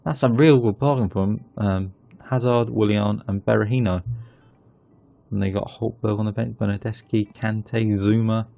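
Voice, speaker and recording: Male gaming host, gravelly and mellow, dry close sound, chatty commentary. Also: fairly low pitch, moderate pace, no echo, dull audio. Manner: chatty, excitable when goals go in. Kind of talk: casual game commentary.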